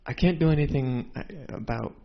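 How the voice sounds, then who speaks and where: A man voicing a divine daughter who makes a grim offer in halting, hesitant speech. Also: a little high, voice pushed up, close to an everyday voice. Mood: matter-of-fact. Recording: dull lo-fi with faint hiss.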